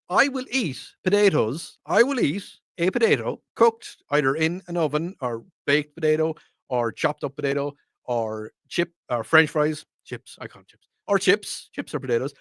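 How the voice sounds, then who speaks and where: A man's voice: on the high side, expressive, moderate pace, fairly bright tone, no room sound, studio quality. An Irish man hosting a radio talk show, teasing and talking straight to his listeners in a casual way. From Ireland. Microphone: studio microphone.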